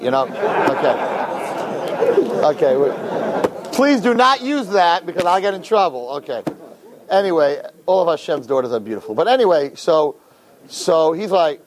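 A man, a rabbi, giving a sermon to young men through an animated, joking story. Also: a little high, brisk.

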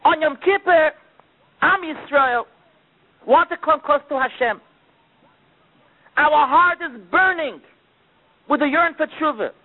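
A man giving a sermon with dramatic storytelling, his delivery swinging between loud outbursts and hushed asides. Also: extremely high pitch, slow, pauses often. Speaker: preacher. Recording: tinny phone-like recording.

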